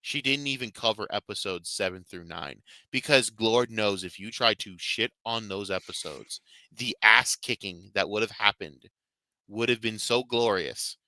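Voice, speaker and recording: A man's voice: lowish voice, moderate pace, pushed and bright, dry recording. A man hosting a talk stream, ranting and mocking in profane commentary. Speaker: podcast host.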